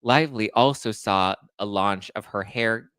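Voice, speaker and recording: In a fairly low, resonant, clear voice that's bright and forceful, a man rants about celebrity gossip like a commentary show host, taking his time. He reads aloud, then breaks into sarcastic, exasperated outbursts, growing steadily more worked up. The recording is dry and close, with no echo or room sound.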